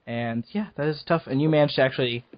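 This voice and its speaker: A man with a slightly high voice hosts a casual podcast, rambling and laughing as he talks. The sound is dull and lo-fi, like a voice call. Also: quick pace. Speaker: podcast host. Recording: dull lo-fi audio.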